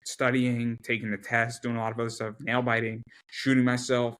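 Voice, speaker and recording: A man chatting as an interview guest in a mid-pitched voice. He talks emphatically and keeps restarting, repeating words in quick bursts. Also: flat delivery, a bit bright, slight background noise. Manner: rapid repetitive restarts, emphatic. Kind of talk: casual interview chat.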